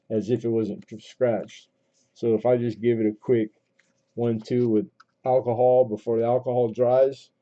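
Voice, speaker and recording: A man's voice: medium pitch, dark tone. A man hosting a coin auction livestream, rambling casually with many fillers and restarts, calling out last bids. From Southern California. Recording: dull lo-fi stream audio.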